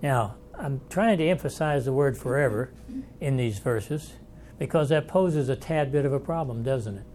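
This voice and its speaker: A man's voice: mid-range voice, animated, normal speed, a little mellow, a little hiss or hum. A man teaching a Bible study lecture in a folksy, conversational way, thinking aloud and inviting questions from the class.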